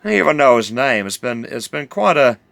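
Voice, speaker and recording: Gravelly New Zealand man spinning a yarn. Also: mid-range voice, big pitch swings, brisk, a bit bright, dry recording. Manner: drawling, full of fillers and self-corrections. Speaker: storyteller. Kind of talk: rambling spoken yarn.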